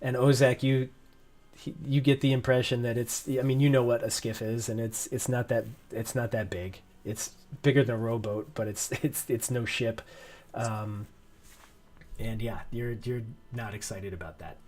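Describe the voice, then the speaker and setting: A game master narrates a tabletop role-playing scene at an ordinary middle pitch. The delivery is loose and rambling. Fillers and restarts pile up as the scene unfolds. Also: steady tone, moderate pace, a little mellow.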